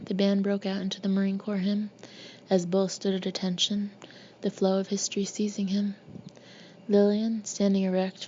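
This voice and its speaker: A woman narrating an audiobook in a steady, even reading voice. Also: medium pitch. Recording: dull lo-fi recording with faint hiss.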